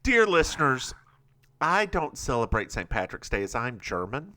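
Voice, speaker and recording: A podcast co-host from the United States, recapping an episode in a campy, theatrical way and laughing often. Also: male voice, mid-range voice, sing-song, moderate pace, sharp tone. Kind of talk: casual comedic recap chat.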